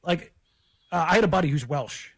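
A man's voice: a little high, a little fast. A man co-hosting a sports talk radio show, speaking bluntly and emphatically and often repeating himself.

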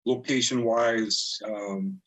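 A man's voice: medium pitch, fairly even intonation, takes it slowly, fairly bright tone, low-quality recording. A middle-aged man, a cabinet designer, talking as a guest in a friendly, easygoing way with many fillers. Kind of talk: casual interview talk.

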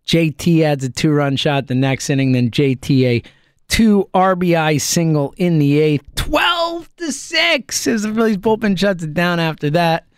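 Male sports-talk host, solo rant, sarcastic and lively, big pitch swings, dry close mic. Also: a little slow, smooth, dry recording. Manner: animated ranting, sarcastic, worked up.

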